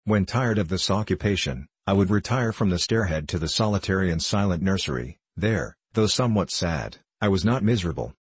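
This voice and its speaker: A man with a low, husky voice reads a classic novel aloud in a measured, steady way. The sound is dry and close, with no room around it. It plays as a calm audiobook narration. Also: no echo.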